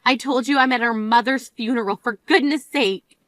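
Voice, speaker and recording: Grieving older sister played by a woman, high voice, reproachful, scolding, drama voice acting. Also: normal speed, fairly bright tone, no room sound, close to an everyday voice. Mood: furious.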